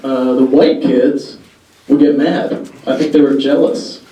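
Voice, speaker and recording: Halting deadpan young man doing stand-up. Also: medium pitch. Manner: deadpan, halting delivery with many "uh"s. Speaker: stand-up comedian. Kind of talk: stand-up comedy set. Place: comedy club stage with live audience. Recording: echoey room, far mic, crowd laughter.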